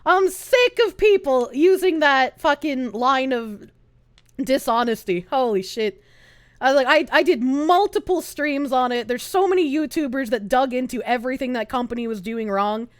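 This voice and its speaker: A woman streamer ranting fast and heatedly during a live stream, swearing often and breaking into laughter. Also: high voice, animated, no room sound.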